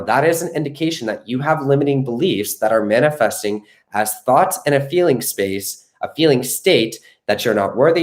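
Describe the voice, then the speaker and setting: A man's voice: lowish voice, darkish tone. A man coaching viewers on a live stream, earnest and reassuring, often checking in with "okay?". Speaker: manifestation coach.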